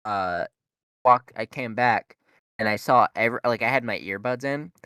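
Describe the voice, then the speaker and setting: A man's voice: mid-range voice, moderate pace, sharp tone, clear, resonant tone, no room sound. A young man, a podcast co-host, telling a rambling story in casual chat, full of fillers and swearing. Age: young adult.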